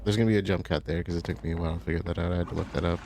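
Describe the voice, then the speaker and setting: A man's voice: low-pitched, very fast, noisy background. A man hosting a let's play, casually commenting on a game and thinking aloud as he plays. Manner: relaxed, thinking aloud, chatty asides.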